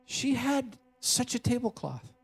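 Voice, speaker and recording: A man voicing a gentle middle-aged watch repairman from Vienna with a soft European accent, speaking in a hushed, wistful way. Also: very high-pitched, sing-song, unhurried, gravelly, breathy edge, pitched above the performer's own voice, exaggerated voice.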